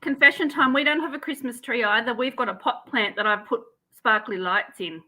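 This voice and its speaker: A woman's voice: fairly high pitch, brisk, bright, forceful tone. A woman from Australia co-hosting a livestream in casual chat, teasing and laughing often, heard over a video call. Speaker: livestream co-host.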